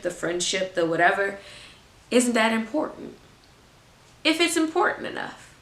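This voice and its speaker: Young woman, bright voice, motivational talk, repeats lines for emphasis, echoey room. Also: medium pitch, slight background noise. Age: 20s. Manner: emphatic, repeats phrases for effect. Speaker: faith vlogger.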